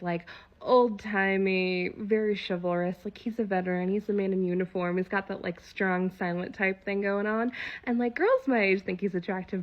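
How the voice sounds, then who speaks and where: A woman's voice: medium pitch, highs cut off. A young woman casually telling a story, chatty, laughing often and full of fillers.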